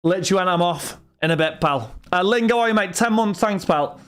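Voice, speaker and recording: A man's voice: sits high, fast, fairly bright tone, clean tone. A young man, chatting casually to his livestream viewers, venting in a rambling, exasperated way. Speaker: livestream host.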